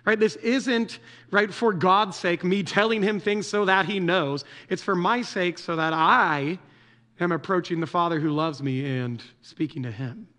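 This is a man with a high-pitched voice giving a relaxed, conversational sermon. He jokes with the congregation and keeps checking in with them. His tone stays easygoing and familiar throughout. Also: unhurried. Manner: casual, joking, asks the audience "right?" often. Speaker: preacher.

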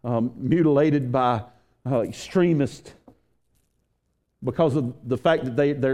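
A man's voice: mid-range voice, steady tone, measured pace, darkish tone. A man preaching a sermon to his church, repeating phrases and building intensity. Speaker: pastor.

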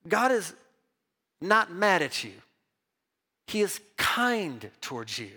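A man preaching a sermon as pastor, emphatic and lively, mixing Bible reading with personal stories told with restarts. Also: sits high, slow, breathy edge. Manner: repeats words and restarts when telling stories.

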